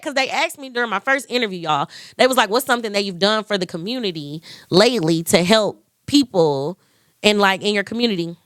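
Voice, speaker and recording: A young woman tells a story in a bright, forceful voice, higher than most. She gushes and acts out every quote. The sound is close and dry. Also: quick pace, no echo. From Memphis, Tennessee. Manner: gushing, animated, quotes others. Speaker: podcast host. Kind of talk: excited storytelling vlog.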